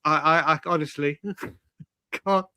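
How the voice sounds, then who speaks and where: A man's voice: fairly high pitch, fairly even intonation, slow pace, pushed and bright, clear, resonant tone. A man, telling stories animatedly on a casual live stream, swearing and saying "mate" constantly. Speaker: co-host.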